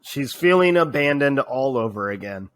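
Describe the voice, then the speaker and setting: A man's voice: medium pitch, lively intonation, moderate pace, fairly bright tone. A young man co-hosting a podcast, chatting casually, laughing often and acting out quotes. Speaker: podcast co-host. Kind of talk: casual chat.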